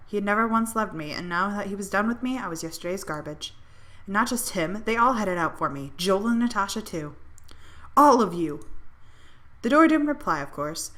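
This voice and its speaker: A woman playing a story game, reading the first-person narration aloud in an expressive, sardonic voice and swearing freely. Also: medium pitch. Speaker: game streamer. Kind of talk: dramatic reading of a visual novel.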